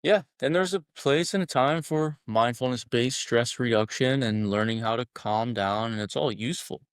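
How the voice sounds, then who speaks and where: A man's voice: mid-range voice, moderate pace, smooth, dry recording, clean studio sound. A man guest on a podcast, talking bluntly and emphatically, swearing freely as he makes his points. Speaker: guest, men's collective founder. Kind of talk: podcast interview talk.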